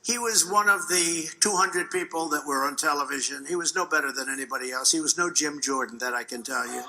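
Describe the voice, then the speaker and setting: Bright, high-pitched older man rambling at a rally. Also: brisk, a little hiss or hum, low-quality recording. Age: 70s. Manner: rambling, digressive, mocking, boastful. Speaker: political candidate addressing a rally. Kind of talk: off-the-cuff campaign rally speech. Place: rally venue before a live audience.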